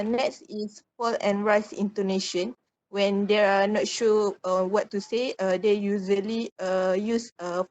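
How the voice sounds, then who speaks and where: Woman student, class presentation, hesitant with many fillers, mid pitch. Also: a little mellow, dull audio.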